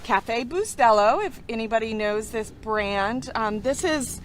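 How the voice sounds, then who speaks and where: A woman's voice: fairly high pitch, lively intonation, a little slow, slight background noise. A woman chatting casually as she reviews camping coffee, often laughing and restarting her sentences. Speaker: vlogger. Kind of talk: casual product review chat.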